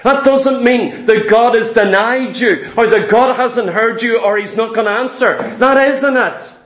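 A man's voice: very high voice, a little slow, a bit bright, echoey room. A man preaching a sermon, emphatic and vivid, repeating his key points and telling stories.

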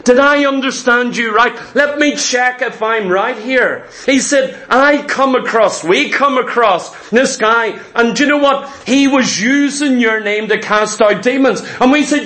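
A man preaching with lively storytelling, slipping into the voices of the people in his stories. His voice sits very high for a man. The tone is bright and forward. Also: measured pace, few pauses. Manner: animated storytelling, acting out voices of disciples. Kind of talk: sermon.

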